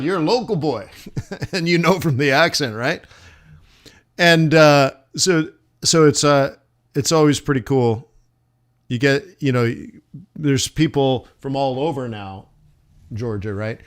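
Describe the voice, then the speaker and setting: A man chatting casually while running a live trading stream, rambling with many fillers and restarts. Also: mid-range voice. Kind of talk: casual livestream chat. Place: southern United States.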